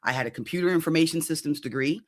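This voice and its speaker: A woman in her fifties, a coach, telling her own story in an interview in a lively, conversational way and often checking in with "right?". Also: deep voice, rapid-fire. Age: 50s. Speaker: executive coach guest.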